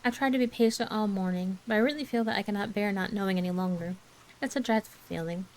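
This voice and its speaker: A woman's voice: mid-range voice, brisk, a little mellow, close to an everyday voice, low-quality recording. A woman doing a breathless, gushing orphan girl. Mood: pleading. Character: eager, dreamy orphan girl, excitable and talkative. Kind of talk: soft ASMR bedtime story reading.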